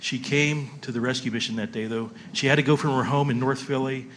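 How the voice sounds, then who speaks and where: A man moderating a ministry panel and telling stories in a relaxed, anecdotal way. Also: medium pitch, brisk, a little hiss or hum. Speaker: panel moderator, rescue mission worker. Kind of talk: panel discussion.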